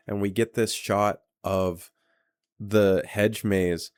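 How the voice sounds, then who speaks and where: A man's voice: fairly low pitch, steady tone, slow pace, clear, resonant tone. A man co-hosting a podcast, laid back and swearing casually while discussing a horror film. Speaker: podcast co-host. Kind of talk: casual movie recap chat.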